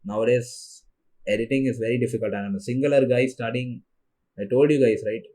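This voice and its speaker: A man's voice: mid-range voice, fairly even intonation, a little fast, dark tone. Young adult male solo podcaster, native Tamil speaker, tired rambling delivery. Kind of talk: casual monologue.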